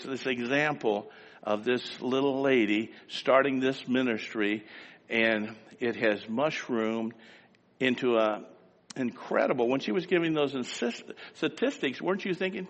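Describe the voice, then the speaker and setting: A man preaching a sermon, telling folksy stories and building to fervent, loud exhortation. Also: mid-range voice, long reverb tail, muffled recording.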